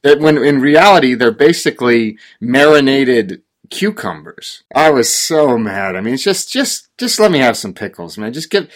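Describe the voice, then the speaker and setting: A man from rural Oregon, co-hosting a casual chat and telling a ranting story with growing exasperation. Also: mid-range voice. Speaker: podcast co-host.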